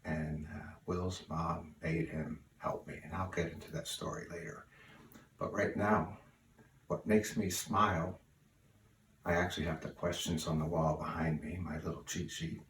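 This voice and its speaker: An older man sharing memories of his cousin in an unhurried, folksy way with plenty of fillers, recorded at home. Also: sits low, fairly even intonation, fairly bright tone. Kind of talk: spoken remembrance. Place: room at home. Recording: roomy, distant mic, faint hiss.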